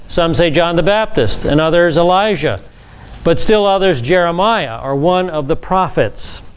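A man's voice: on the high side, clear, resonant tone. Man teaching a conversational Bible class. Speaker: pastor.

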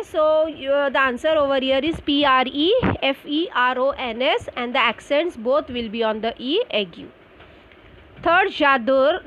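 A woman's voice: high voice, lo-fi sound. A woman French teacher with an Indian English accent, explaining grammar step by step and spelling words out letter by letter. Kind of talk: recorded school lesson.

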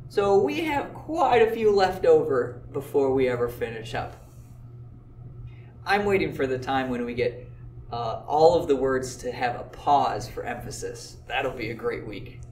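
A man's voice: mid-range voice, animated, unhurried, darkish tone, roomy sound, recorded from a distance, a little hiss or hum. A man teaching a math lesson, explaining step by step in an easygoing way with occasional filler words. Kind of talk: classroom lecture video.

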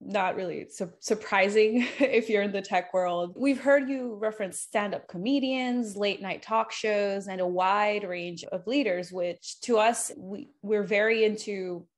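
A woman's voice: mid-range voice, unhurried, hardly any pauses. A young woman hosting an interview podcast, chatty and playful, laughing easily as she asks questions. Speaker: podcast host. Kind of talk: casual interview chat.

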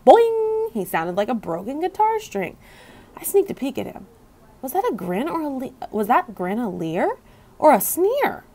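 A woman reading a children's book aloud with expressive storytelling. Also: a little high, moderate pace. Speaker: reader.

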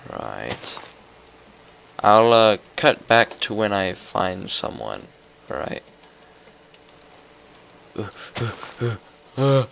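Gravelly young man narrating gameplay. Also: on the low side, very slow, long pauses, a little hiss or hum, rough recording. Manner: chatty, excitable, mutters to himself. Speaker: gaming YouTuber. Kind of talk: casual gameplay commentary.

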